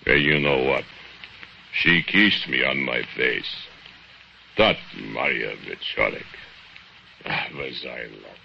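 An actor playing a jealous immigrant steelworker who speaks broken English, in 1940s radio acting. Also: male voice, very deep voice, creaky, heavily acted. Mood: brooding. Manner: broken English, slow heavy confession. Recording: muffled old radio recording, faint hiss.

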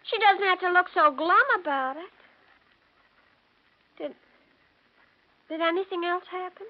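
A touchy, earnest young fiancée stammers hesitantly in a very high voice. The old radio recording is dull. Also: female voice, unhurried. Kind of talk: 1940s radio acting.

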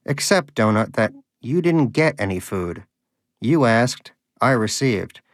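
A man voicing a smug, greedy pet hamster who mocks in a theatrical, raised pitch. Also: animated, unhurried, dry recording, clean studio sound, lightly acted. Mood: sarcastic.

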